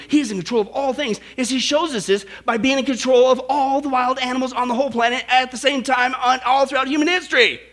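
A pastor preaching a sermon in a jokey, emphatic way, rising to loud exhortations. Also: male voice, very high voice.

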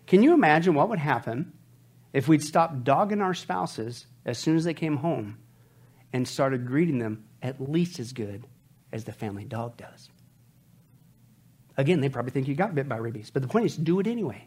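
A man's voice: mid-range voice, expressive, moderate pace, darkish tone, slightly rough. A man preaching a humorous sermon, joking with his audience and calling them folks.

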